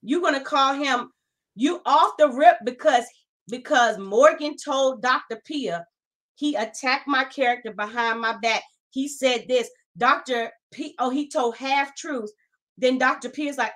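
A woman's voice: sits high, slow. A woman co-hosting a casual podcast, talking emphatically and with exasperation about a reality show. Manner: animated, emphatic, exasperated commentary. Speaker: podcast co-host.

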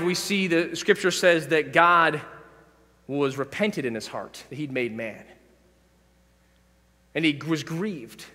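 Bright-voiced pastor preaching in an echoey hall. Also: male voice, sits high. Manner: impassioned preaching, rising to emphatic exhortations. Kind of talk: sermon. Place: church sanctuary.

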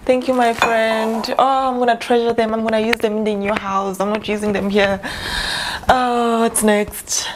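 A woman's voice: a little high, flat delivery, normal speed, noisy background. A young South African woman chatting casually in an unboxing vlog, gushing and emotional with gratitude. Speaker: vlogger.

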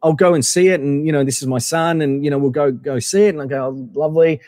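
A man's voice: fairly high pitch, quick pace, a little mellow, no echo, studio quality, big-room sound. A man telling a long casual story as a podcast guest, full of fillers and acted-out quotes.

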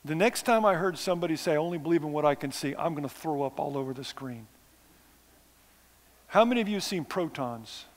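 Self-mocking preacher in a reverberant hall. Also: male voice, fairly high pitch. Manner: conversational, self-deprecating, sarcastic asides. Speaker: missionary preacher. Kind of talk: sermon. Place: church sanctuary.

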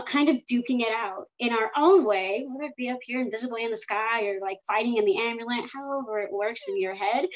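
Woman podcast co-host, casual chat, rambling and chatty, fairly high voice. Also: a bit bright, low-quality recording. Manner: chatty and rambling, with many restarts.

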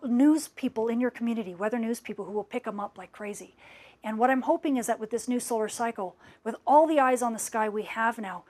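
A middle-aged woman hosting a live-stream Q&A, gushing with enthusiasm and thanks to viewers, her voice worn out after hours of talking. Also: fairly high pitch. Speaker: space weather scientist hosting a live Q&A. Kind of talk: live-stream chat reading viewer comments.

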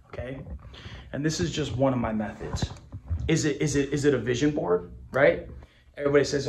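A man's voice: a little high, brisk. A man giving a punchy, emphatic motivational talk to camera as a business coach, repeating phrases and swearing casually. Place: indoor office with a whiteboard. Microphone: camera mic.

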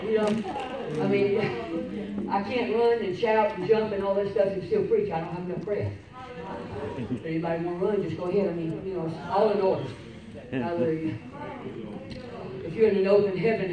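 A woman pastor preaching a sermon, fervent and swinging from loud exclamations to quiet storytelling. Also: mid-range voice, fairly even intonation, normal speed, long pauses, a crowd in the background. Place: church sanctuary. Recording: echoey church, distant mic, faint hiss.

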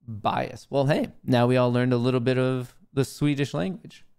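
A man's voice: medium pitch, moderate pace, darkish tone, clear, resonant tone. A young man hosting a live trading stream, talking casually to himself and his viewers, muttering and swearing at the market. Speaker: livestream host, day trader.

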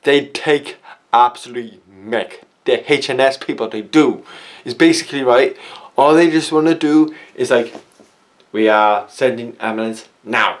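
A man's voice: medium pitch, steady tone, a little slow. A young man, vlogging in a rambling, casual rant that keeps circling back with filler phrases. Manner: rambling, repeats "basically" and "it's like".

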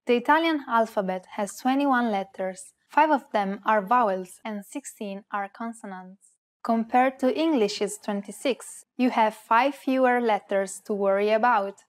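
A woman co-hosting a beginner language lesson, reading her parts clearly and carefully. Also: fairly high pitch, unhurried. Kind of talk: scripted lesson with example words.

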